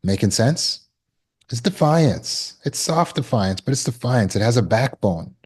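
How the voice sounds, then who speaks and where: A man's voice: mid-range voice, expressive, a little slow, slightly rough. A man, a trauma recovery coach, giving a conversational teaching talk and acting out short quoted exchanges.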